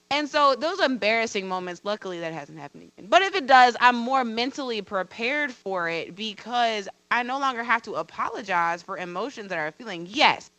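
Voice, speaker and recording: A woman speaking on a panel, her voice bright and forceful against a dry, close sound. She shares a personal story candidly, laughing at herself and repeating words for emphasis. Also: fairly high pitch, very animated, normal speed, hardly any pauses, dry recording, poor audio. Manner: candid, self-deprecating, emphatic repetition. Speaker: veterinarian and college teacher on a panel.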